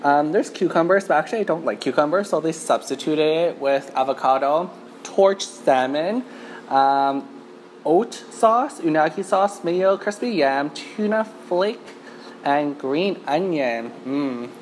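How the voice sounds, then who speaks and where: A woman's voice: sits low, animated, a little slow, a little mellow, slight background noise. A woman from Canada hosting a chatty mukbang eating show in an empty restaurant, talking to the camera with lots of "like" fillers. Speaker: mukbang host.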